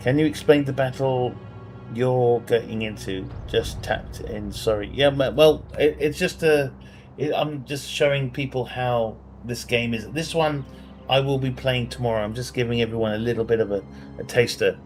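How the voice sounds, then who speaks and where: Faint music plays behind this man's mid-range voice as he talks at a moderate pace. Streaming a strategy game live from his home bedroom, he rambles casually, reads out viewer questions, and laughs at his own jokes.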